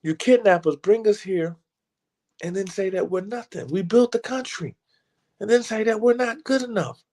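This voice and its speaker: A man's voice: high voice, moderate pace, darkish tone. A man giving a passionate, casual talk as a motivational speaker, emphatic and preacher-like, often stumbling and repeating words as he builds momentum. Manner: casual, slangy delivery.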